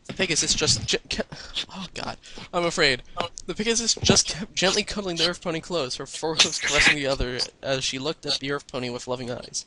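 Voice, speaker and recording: A man's voice: fairly high pitch, a little fast, background noise. A young man reading a fan fiction aloud for laughs, breaking off for mocking, exasperated asides. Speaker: fanfic reader. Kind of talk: comedic fanfic reading with commentary.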